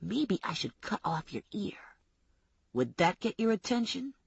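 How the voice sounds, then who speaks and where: Menacing knife-wielding young man, taunting, low and slow, read by a woman narrator. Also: sing-song, creaky, breathy edge, dry recording, highs cut off, heavily acted.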